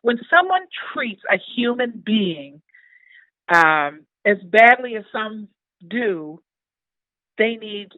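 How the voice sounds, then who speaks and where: A woman's voice: a little high, big pitch swings, takes it slowly, long pauses, dry recording. Older woman, town mayor, earnest and heartfelt, phone-line audio. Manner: earnest, heartfelt, with frequent restarts. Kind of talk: casual interview chat.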